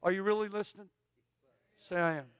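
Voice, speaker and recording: Animated high-voiced preacher man. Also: a little fast, clear, resonant tone, dry recording. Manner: animated storytelling, swings between shouting and hushed asides. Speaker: evangelist. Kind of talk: revival sermon.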